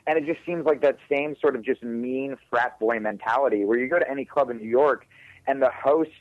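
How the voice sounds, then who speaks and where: A man's voice: medium pitch, brisk, no room sound, phone-quality sound. A man who does stand-up comedy, talking casually in an interview, rambling, swearing and often laughing.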